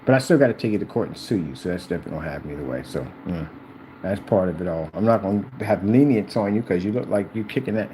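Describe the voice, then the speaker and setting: Brief: middle-aged male vlogger, rambling rant, lively swooping pitch, mellow low tone. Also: quick pace, slight background noise, poor audio. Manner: rambling and repetitive, addressing a rival directly. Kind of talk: ranting monologue to camera.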